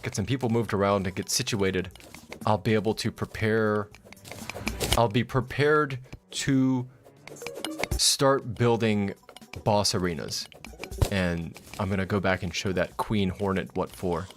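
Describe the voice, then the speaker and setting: A man's voice: lowish voice, steady tone, a little slow, noisy background. A man with a slight Southern US accent streaming a game, rambling casually, laughing often and swearing freely. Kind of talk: casual live-stream commentary.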